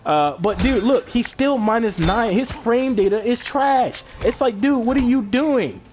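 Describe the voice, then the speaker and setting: A man's voice: very high voice, animated, a little slow, a little mellow, slight background noise. A man ranting on a live stream, exasperated and profane, full of slang and repeated filler words. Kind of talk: casual live stream rant.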